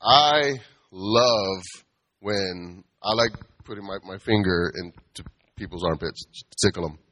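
A man's voice: sits low, a little slow, pushed and bright. A man giving a casual, conversational sermon, playful and acting out quoted voices. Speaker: preacher.

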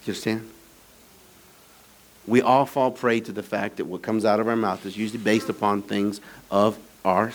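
This middle-aged pastor's voice sits on the low side as he delivers a sermon in the sanctuary. He swings from playful, conversational jabs at his congregation to lively, building emphasis.

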